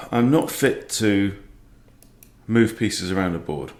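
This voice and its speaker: Speaking slowly in a lowish, darkish voice with lively intonation, a middle-aged chess coach mocks himself while commentating his online games live. He sounds exasperated and sighs along the way, and the room is echoey.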